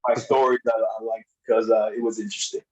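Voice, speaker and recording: A man telling wrestling stories as a podcast guest, in a casual, animated way, acting out other people's lines in a raised voice and laughing often. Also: fairly low pitch, fast, poor audio. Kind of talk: casual storytelling.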